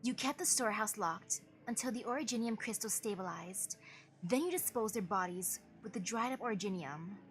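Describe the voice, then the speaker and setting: A woman's voice: medium pitch, lightly acted. A woman voicing a cold, accusing young woman investigator who speaks sternly while reading a game's story aloud.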